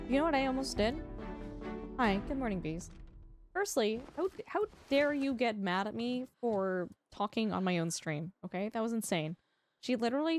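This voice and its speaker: A woman livestreaming a game, chatting casually and teasingly with her viewers, with quiet music behind her. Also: medium pitch, dry recording, clean studio sound. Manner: chatty, animated, teasing, talks to chat. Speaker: streamer. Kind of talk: casual livestream chat while gaming.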